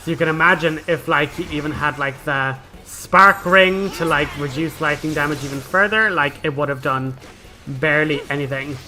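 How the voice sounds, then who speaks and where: Young man, gameplay commentary, bright tone, slightly high voice, chatty. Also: steady tone, moderate pace, soft background music, rough recording. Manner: chatty and explanatory, with filler "like". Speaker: gaming channel host.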